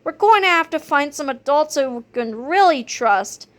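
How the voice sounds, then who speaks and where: A woman voicing an excitable young schoolboy who takes charge and shouts with glee, in a storybook read-aloud. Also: high voice, moderate pace. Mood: eager.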